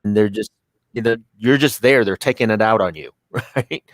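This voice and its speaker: A man's voice: fairly low pitch, normal speed, no echo. Laughing man in dry-sounding business chat. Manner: laughs often, restarts phrases.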